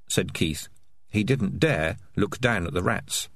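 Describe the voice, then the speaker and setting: A man narrating a storybook in a measured, lightly dry manner. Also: low-pitched, fairly bright tone, dry recording. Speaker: audiobook narrator.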